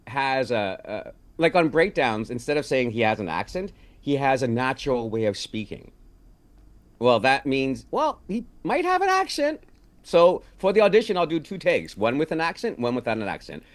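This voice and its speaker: Guest actor, male, from Canada; lively pitch, chatty storyteller. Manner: storytelling, animated. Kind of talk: casual interview chat.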